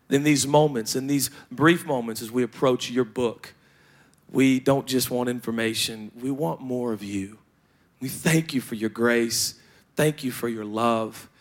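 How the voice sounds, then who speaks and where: A young adult man preaching a sermon as pastor, joking and animated, with playful asides to the congregation. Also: mid-range voice.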